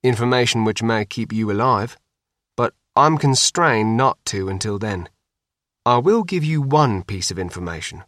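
A man voicing a calm, guarded middle-aged father who speaks in measured, careful sentences. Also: fairly low pitch, no echo, studio quality. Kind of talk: audiobook reading.

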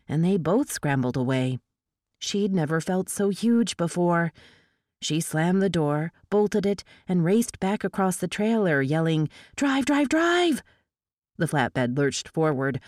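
A woman narrating a novel aloud in a steady, measured storytelling manner. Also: deep voice, no echo, clean studio sound. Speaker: audiobook narrator.

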